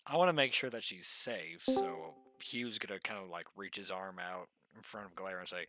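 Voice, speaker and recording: A man playing a tabletop game, chatty and excitable, laughing often. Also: sits low, fairly quick, few pauses. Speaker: player. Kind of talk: casual game chat.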